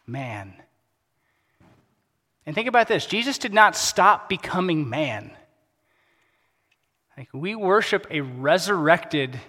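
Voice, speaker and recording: A pastor preaching a sermon in a casual, conversational way, dropping to a soft, quiet voice for emphasis. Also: male voice, on the high side. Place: church sanctuary. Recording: long hall reverb.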